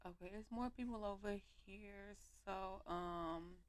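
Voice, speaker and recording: A young woman giving animated, slangy commentary while playing a life-sim game on her home mic. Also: mid-range voice, slow, no echo. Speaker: gaming YouTuber. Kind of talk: let's play commentary.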